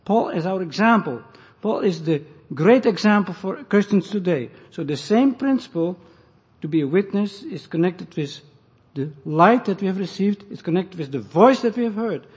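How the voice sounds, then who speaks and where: A man preaching an expository sermon, deliberately explaining scripture and the Greek and Hebrew words. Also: high-pitched, animated, darkish tone, slightly rough. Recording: muffled, echoey hall recording.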